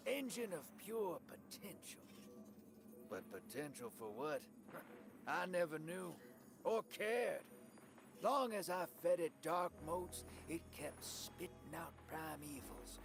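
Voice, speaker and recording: Drifter, a slow, drawling rogue. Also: male voice, a little high. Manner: folksy, slangy drawl. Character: roguish, drawling male drifter, middle-aged and shady. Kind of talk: game cutscene dialogue. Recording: game audio over loud music. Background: game score music.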